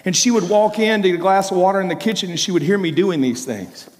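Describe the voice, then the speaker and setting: A man giving a sermon testimony, telling his story emphatically with repeated phrases, rising to loud bursts and dropping to hushed, low passages. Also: quick pace. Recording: long reverb of a large hall.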